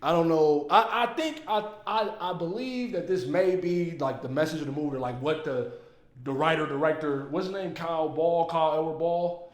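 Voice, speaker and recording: A man giving casual, emphatic movie commentary, excitable and full of profanity. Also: on the high side, normal speed. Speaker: movie reviewer. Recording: roomy echo.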